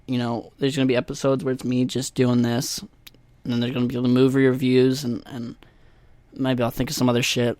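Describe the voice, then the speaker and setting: A man's voice: mid-range voice, no room sound. A man hosting a casual solo podcast, talking in a rambling, profane, self-mocking way into a USB desk microphone. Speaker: podcast host.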